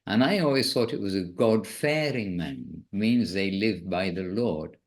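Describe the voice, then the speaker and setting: A man who is a spiritual teacher, giving an informal devotional talk in a musing, gently self-correcting way. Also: sits low, lively intonation, measured pace.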